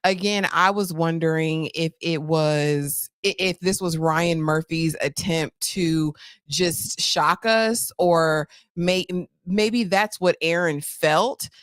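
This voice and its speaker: A woman with a lower voice talks through her thoughts slowly and reflectively in a casual review chat, sighing as she weighs them. The sound is dry and close, with little room tone. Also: clean tone, dry recording. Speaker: co-host reviewing a TV series.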